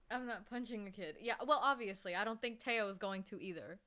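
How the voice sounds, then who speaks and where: A woman's voice: mid-range voice, pushed and bright. A woman livestreamer chatting casually with her viewers and reading their messages, laughing easily and getting worked up. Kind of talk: casual live-stream chat.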